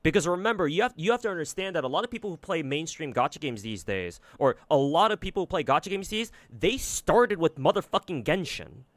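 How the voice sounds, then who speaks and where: A man's voice: a little high, big pitch swings, quick pace, few pauses, no room sound. A man streaming and giving casual commentary on games, rambling and swearing a lot, with many fillers and restarts. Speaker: gacha game streamer.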